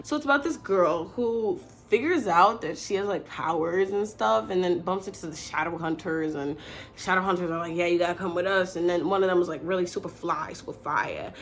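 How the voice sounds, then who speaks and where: A young woman in casual chat, gushing about stories she loves and briefly acting out the characters' lines. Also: mid-range voice. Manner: gushing, chatty, acts out characters' lines in quick asides. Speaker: video creator recommending stories.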